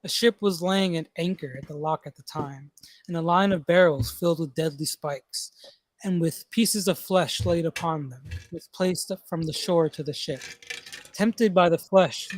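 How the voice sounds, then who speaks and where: A man's voice: on the high side, slight background noise. Man reading monster lore aloud. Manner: reads passages aloud, stumbles over place names with laughter. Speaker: podcast host.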